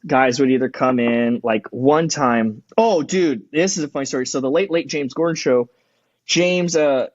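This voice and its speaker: A man's voice: mid-range voice, moderate pace, no echo, dull audio. A man in his thirties, a podcast guest, telling stories in casual chat, acting out quotes and swearing a lot.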